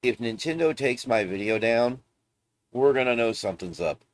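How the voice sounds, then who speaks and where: A man's voice: medium pitch, moderate pace. A man hosting a casual gaming vlog, talking bluntly in rambling rants with plenty of swearing. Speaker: gaming video host. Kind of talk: casual ranting vlog commentary.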